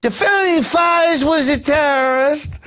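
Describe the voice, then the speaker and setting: A man's voice: very high voice, unhurried, pushed and bright, voice pushed up, full character voice. A man voicing a dim male country-boy cop in a put-on rural American drawl, as a mocking parody.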